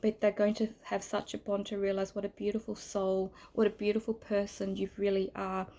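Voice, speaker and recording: A woman giving a tarot reading straight to the listener, soft and earnest, now and then dropping into a whisper. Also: mid-range voice, monotone, brisk, rough recording. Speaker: tarot reader. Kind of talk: intimate tarot reading to the viewer. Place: indoors near a road.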